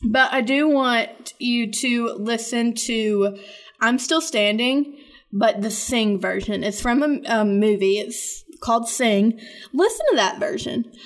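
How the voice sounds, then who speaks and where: A woman hosting a podcast, talking casually in an earnest, rambling and encouraging way. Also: on the high side. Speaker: podcast host.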